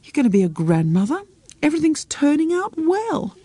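Woman doing a blunt grown-up daughter, brisk and bossy, lively pitch. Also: no echo. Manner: brisk, scolding, direct.

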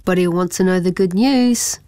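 A woman's voice: lowish voice, normal speed, mellow, smooth, no echo, natural voice. A woman voicing a sly teenage brother who shares news secretively in a storybook.

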